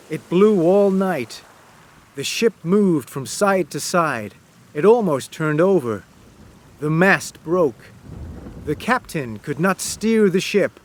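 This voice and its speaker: A man narrating a classic story as an audiobook, reading in a slow, simple, clear way. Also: a little high.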